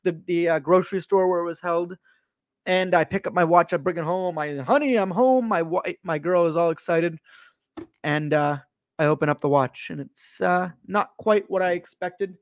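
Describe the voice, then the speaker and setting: A man with a high voice rants on a live stream, swearing freely and talking in animated bursts. The sound is dry and close. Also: moderate pace, dry recording. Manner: profane, animated ranting.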